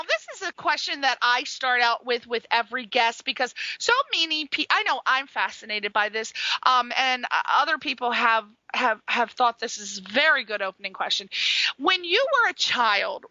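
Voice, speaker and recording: Bright, high-energy woman radio host. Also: no room sound, lo-fi sound. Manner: gushing and exclamatory, high energy. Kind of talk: casual radio interview.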